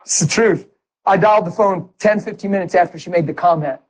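Man, high voice, testimony sermon, excitable, hushed to shouting. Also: fairly quick, low-quality recording. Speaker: preacher giving testimony.

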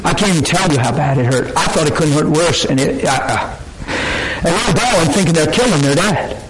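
A man preaching a sermon, telling a personal story in a dramatic, emotional way that breaks into shouts and laughter. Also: fairly high pitch, animated, fairly quick, a loud crowd, low-quality recording.

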